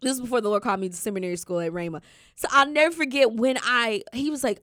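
A woman hosting a faith talk show, telling a personal story in an animated way. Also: medium pitch, fast, no echo, studio quality. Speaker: host.

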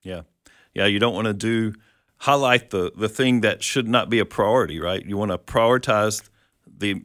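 A man's voice: medium pitch, fairly bright tone, dry recording. Man teaching scripture in a dry studio. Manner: explanatory, quotes scripture, asks questions. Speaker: Bible teacher co-host. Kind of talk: conversational Bible teaching.

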